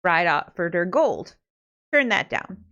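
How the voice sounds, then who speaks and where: A woman's voice: fairly low pitch, very animated, slow pace, fairly bright tone, lo-fi sound. A woman podcast host retelling a fairy tale in a chatty, casual way with joking asides. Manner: chatty, laughs between asides.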